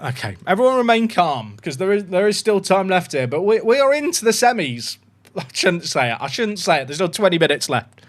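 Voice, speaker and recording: A young man giving excitable, chatty live commentary while streaming a football management game, swearing casually as he talks to his chat. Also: high voice, brisk. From England.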